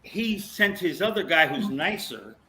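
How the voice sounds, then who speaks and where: In a casual chat, a man with a somewhat high voice tells a story without hurrying, animatedly acting out what people said to him. The recording quality is rough.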